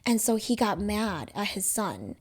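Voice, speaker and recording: A woman's voice: mid-range voice, big pitch swings, a little slow, slightly rough. Young female podcast co-host; loose, filler-heavy storyteller. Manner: rambling, heavy use of "like" and "you know". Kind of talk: casual storytelling chat.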